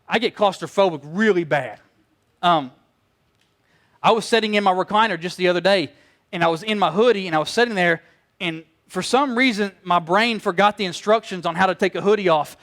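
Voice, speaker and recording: A middle-aged man preaches a sermon in a high voice. He tells stories with energy and acts out what other people said. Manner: storytelling, animated, acts out quoted voices. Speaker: pastor.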